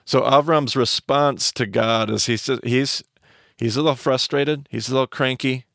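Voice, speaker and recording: A man's voice: medium pitch, fairly even intonation, moderate pace, gravelly, a bit bright, no room sound, clean studio sound. A man hosting a podcast, teaching the Bible, explaining with restarts and fillers and speeding up in asides.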